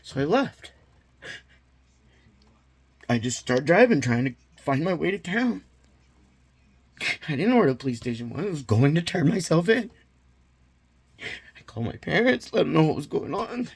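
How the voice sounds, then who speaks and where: A man vlogging a personal confession, retelling events in an agitated, halting way with nervous laughs. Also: a little high, big pitch swings, vocal fry, husky.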